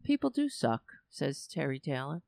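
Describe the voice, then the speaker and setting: A woman's voice: low-pitched, sing-song, normal speed, gravelly, a little mellow, no echo, studio quality. Blunt, swearing woman ranting on a livestream. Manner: blunt, profane, exasperated. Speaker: political livestream host. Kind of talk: casual ranting commentary to a live chat. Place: home setup. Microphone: cheap home microphone with headphones.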